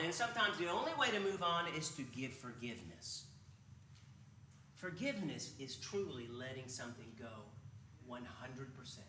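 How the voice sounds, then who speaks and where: Animated, bright-voiced man preaching. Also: medium pitch, moderate pace, echoey room, a little hiss or hum. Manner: conversational preaching with rhetorical questions. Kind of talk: sermon. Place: church sanctuary.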